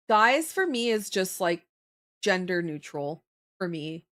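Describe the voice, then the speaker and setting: A woman's voice: medium pitch, slow pace. Chatty woman streamer. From Canada. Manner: animated and chatty, laughs often, answers viewer comments. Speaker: livestreamer. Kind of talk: casual chat with live viewers.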